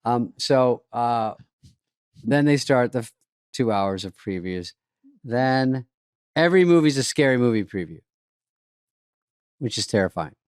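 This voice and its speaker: Sarcastic man riffing, lively pitch. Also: measured pace, long pauses, clear, resonant tone, dry recording, studio quality. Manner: sarcastic, rambling riffs. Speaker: podcast co-host. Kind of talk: casual comedic chat.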